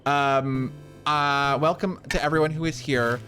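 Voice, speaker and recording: A man's voice: fairly high pitch, fairly even intonation, a little slow, bright, forceful tone. A man live-streaming a game, chatting casually and rambling as he thanks viewers. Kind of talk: casual live-stream chat while playing.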